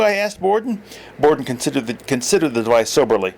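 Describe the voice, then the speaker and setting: A man's voice: fairly quick, gravelly. A man reading his own story aloud in first-person narration, giving each character a voice. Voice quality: lively, voices many characters in raised pitch.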